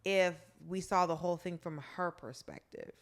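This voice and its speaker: A woman's voice: fairly low pitch, steady tone, moderate pace. Podcast co-host, female, wry interjections, casual conversational delivery. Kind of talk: casual recap chat.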